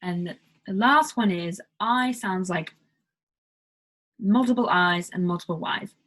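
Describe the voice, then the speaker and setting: A woman's voice: fairly low pitch, a little slow, fairly bright tone, low-quality recording. An American woman casually explaining pronunciation in a tutorial, with lots of "like" fillers. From United States. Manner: chatty, heavy use of "like" fillers. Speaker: accent tutorial vlogger.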